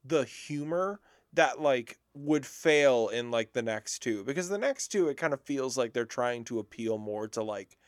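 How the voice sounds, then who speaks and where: A man co-hosting a podcast, chatting casually about movies in an animated way and laughing often. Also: mid-range voice, no room sound, clean studio sound. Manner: animated, laughs often, slips into quick impressions. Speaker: podcast co-host. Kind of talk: casual movie commentary chat.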